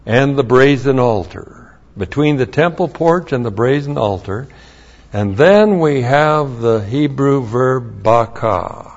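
A man's voice: mid-range voice, a little mellow, lo-fi sound. A man preaching a verse-by-verse Bible lesson, spelling out Hebrew words letter by letter and repeating key phrases. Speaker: pastor.

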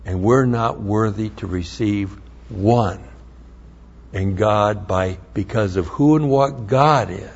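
A man's voice: lowish voice, slow pace, creaky, slightly rough, muffled recording. A man teaching a sermon, studying Hebrew words, who repeats key phrases and spells out letters with emphasis. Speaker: Bible teacher.

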